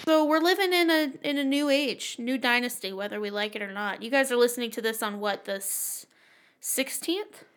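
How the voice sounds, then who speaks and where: A woman co-hosting a casual comedy podcast, talking close to the mic. Her voice is quite bright and sits a bit high, and she keeps cracking self-deprecating jokes and laughing. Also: moderate pace. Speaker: podcast co-host. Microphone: close microphone.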